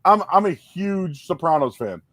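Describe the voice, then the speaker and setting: A man's voice: high-pitched, lively intonation, moderate pace, fairly bright tone, dry recording. A man hosting a casual podcast chat, rambling with lots of restarts and "dude" and "man". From Boston area. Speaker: podcast host.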